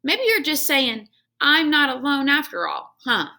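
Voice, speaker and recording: A woman doing a booming jolly janitor man. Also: sing-song, a little slow, creaky, sharp tone, full character voice. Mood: jolly, teasing. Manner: hearty, joking, boisterous. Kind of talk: reading a children's book aloud.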